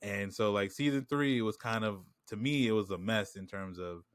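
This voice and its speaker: A man's voice: on the low side, moderate pace, clean tone, no echo, clean studio sound. A man co-hosting a podcast in casual chat, rambling with lots of filler phrases and a New York accent. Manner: rambling, lots of "like" and "you know what I'm saying". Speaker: podcast co-host.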